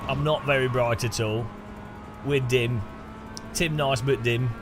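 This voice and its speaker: A man's voice: mid-range voice, steady tone, a little slow, over music. A man chatting and joking with viewers while sim racing, laughing often. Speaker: streamer.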